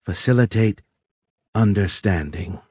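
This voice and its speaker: A man's voice: on the low side, unhurried, mellow, slightly rough, no echo. A man voicing an alien being in a woman's form, who speaks in broken, mechanical sing-song phrases with a strange foreign lilt. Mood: calm, stilted.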